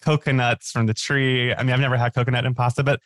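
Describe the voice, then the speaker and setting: A man's voice: mid-range voice, flat delivery, quick pace, a bit bright, dry recording. A man guest on a podcast, chatting casually and telling stories with lots of likes and restarts. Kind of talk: casual chat.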